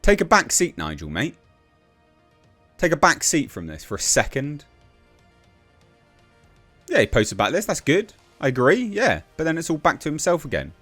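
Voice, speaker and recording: A man's voice: a little high, huge pitch swings, normal speed, long pauses, fairly bright tone, soft background music. A man giving casual political commentary, blunt and exasperated, with mocking sarcastic asides.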